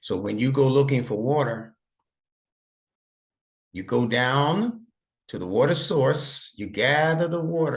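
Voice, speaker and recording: A man's voice: mid-range voice, vocal fry. A man teaching an online lesson over a video call, patient and encouraging, praising his student often. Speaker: instructor.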